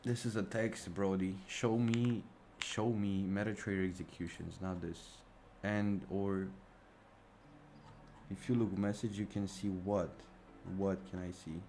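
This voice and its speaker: A young man with a fairly low voice rants on a casual live stream, sarcastic and exasperated, swearing freely and calling everyone "bro". His mic sits close at his mouth, and a faint ambient hiss runs underneath. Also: flat delivery, measured pace, darkish tone. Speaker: livestream trading streamer. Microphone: mic right at the mouth.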